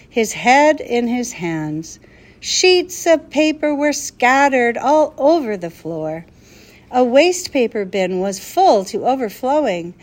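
A woman narrating a children's story in a measured, expressive way. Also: fairly high pitch. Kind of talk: storybook reading.

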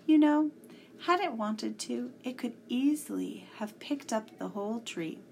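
A woman voicing a calm older male professor who speaks in measured, reassuring explanations, reading a storybook aloud. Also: a little high, creaky, slight background noise, voice pushed up. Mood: urgent.

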